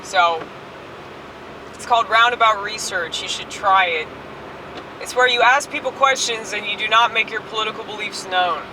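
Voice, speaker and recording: A woman's voice: mid-range voice, normal speed, distant mic, noisy background. A woman ranting crudely while driving and filming herself on a phone. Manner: brash, profane, rambling. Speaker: online comedian. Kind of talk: casual driving vlog rant. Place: inside a moving car. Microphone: phone camera held while driving.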